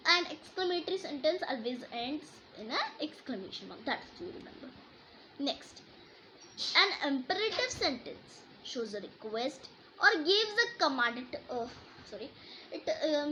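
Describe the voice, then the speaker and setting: A woman's voice: sits high, sharp tone, muffled recording, a little hiss or hum. A woman teaching a grammar lesson, explaining and reading example sentences aloud with emphasis.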